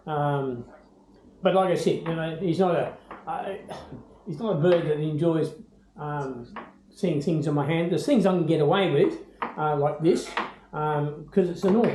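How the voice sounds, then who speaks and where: An older Australian man chatting casually about his pet bird, rambling with many ums and breaking into high baby-talk. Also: mellow, echoey room, slight background noise, low-quality recording. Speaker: bird owner. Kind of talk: casual home video chat.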